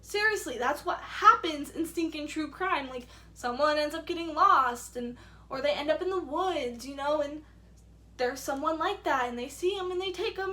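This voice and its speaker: In a high-pitched, sharp-toned voice, a young vlogger tells a storytime to her camera. The retelling is casual, chatty and indignant, riddled with "like" fillers.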